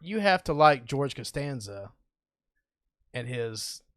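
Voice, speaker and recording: A man's voice: mid-range voice, very animated, slow, fairly bright tone, no room sound, clean studio sound. A man co-hosting a casual podcast, chatty and agreeable. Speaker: podcast co-host. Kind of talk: casual chat.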